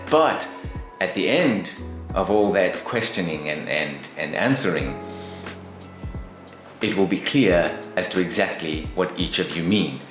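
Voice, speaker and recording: A man with a low voice explains things calmly and steadily, like a teacher. He takes his time and spells each point out. The room is echoey, with faint background music. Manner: calm, explanatory, measured. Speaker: English teacher. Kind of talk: instructional lesson.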